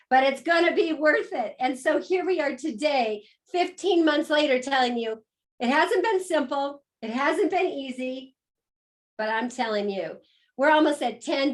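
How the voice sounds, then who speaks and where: High-voiced woman hosting a call. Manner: emphatic, heartfelt, repeats phrases for emphasis. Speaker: host. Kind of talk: enthusiastic introduction on a call.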